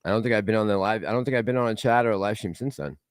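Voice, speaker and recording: A man's voice: on the low side, rapid-fire, no echo, clean studio sound. A man hosting a casual livestream, rambling and laughing as he reads out and answers chat messages. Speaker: livestream host reading chat.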